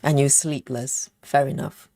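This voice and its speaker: Her voice is very deep, steady, and mellow, and she talks at a measured pace while stitching on a livestream. She reads comments from viewers, counts stitches aloud, and fills the casual chat with fillers and self-interruptions. No room sound can be heard.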